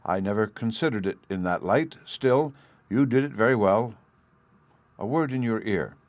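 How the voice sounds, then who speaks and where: A crafty, suspicious court schemer with a mean streak, smooth and flattering in his speech, as a man reads him in a storybook. His voice sits low and the recording is dry and close to the mic. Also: moderate pace, dry recording, lightly acted. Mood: sly. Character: thin, crafty, suspicious male sub-warden. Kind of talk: audiobook character reading.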